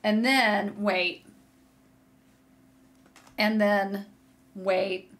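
A woman hosting a knitting video podcast from a room at home, chatting casually and gushing excitedly to viewers as she shows yarn. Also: medium pitch, a little slow. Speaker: podcast host. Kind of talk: casual chat showing yarn on camera. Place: home room with a curtain behind her. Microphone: desk setup facing a monitor.

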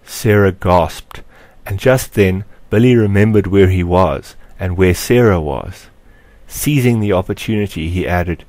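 An author with a deep voice narrates his own story, measured and expressive like an audiobook, in a close, dry recording with no room echo.

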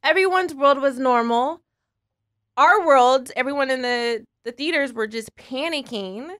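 A woman's voice: high voice, a little slow, a bit bright, dry recording, studio quality. A woman co-hosting a podcast, telling a story with dramatic emphasis in casual chat. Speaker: podcast co-host.

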